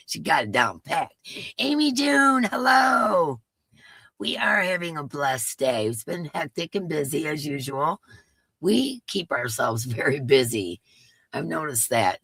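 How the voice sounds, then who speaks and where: A congested woman with a drawl, her nose stuffy, talks casually with her viewers and greets them by name. Her voice has a gravelly fry running through it. The recording is dry and close, with no room sound. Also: rumbling low, fairly bright tone, no echo. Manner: chatty, greets viewers one by one. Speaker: live stream host.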